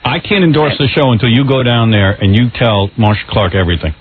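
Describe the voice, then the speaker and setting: A man's voice: mid-range voice, expressive, quick pace, narrow, tinny audio, a crowd in the background. A male radio host doing comic talk-show banter in a brash, teasing, bossy way.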